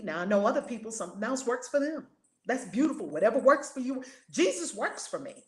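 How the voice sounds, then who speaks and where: A middle-aged woman hosting a spiritual livestream, talking in an expressive, folksy way. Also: fairly high pitch, brisk. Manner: expressive, folksy, tearful at times. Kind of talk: casual emotional chat. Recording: roomy echo.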